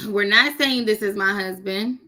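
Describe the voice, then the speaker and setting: A woman's voice: medium pitch, a little slow, sharp tone. A woman learning a language on camera, chatting casually and joking with her viewers. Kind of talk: casual chat while doing a recorded lesson.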